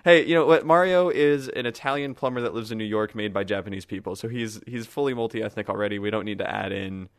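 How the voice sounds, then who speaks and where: A young adult man hosting a casual gaming podcast, chatty and relaxed, laughing easily. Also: lowish voice, fast talker, few pauses, no room sound, studio quality. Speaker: podcast host.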